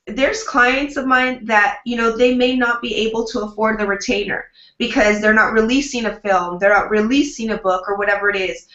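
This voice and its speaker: A woman's voice: mid-range voice, sharp tone. A woman publicist answering interview questions in an upbeat, chatty way, often acting out what she tells her clients. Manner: upbeat, chatty, acts out quoted dialogue. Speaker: publicist, guest. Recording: roomy, dull lo-fi sound.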